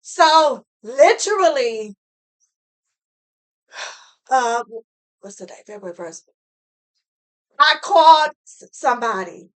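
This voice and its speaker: A woman's voice: high voice, expressive, takes it slowly, long pauses. A woman giving a heartfelt motivational talk to camera, earnest and preachy, repeating phrases for emphasis. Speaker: motivational speaker.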